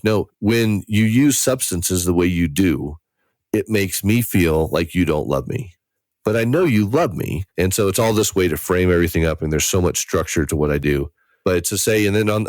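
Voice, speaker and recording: Male interventionist guest, deep voice, animated and sincere, dry studio sound. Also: no echo. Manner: earnest, animated, acts out quoted family members. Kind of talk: conversational interview answer.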